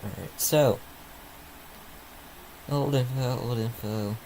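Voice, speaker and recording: A sleepy, yawning man hosts a casual livestream, rambling and muttering to himself while he waits for updates. His medium-pitched voice is slow and dark in tone. The audio is poor, with slight background noise.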